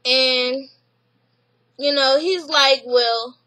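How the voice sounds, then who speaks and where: A woman's voice: high voice, takes it slowly, low-quality recording. A woman casually recapping a reality show, laughing and acting out the people she quotes. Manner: laughing, animated retelling with voiced quotes.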